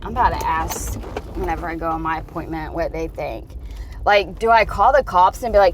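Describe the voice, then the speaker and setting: A woman's voice: on the low side, a little fast, a little hiss or hum. A woman vlogger ranting and swearing while she drives, talking into her phone. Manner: swearing, heated and rambling. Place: in a car.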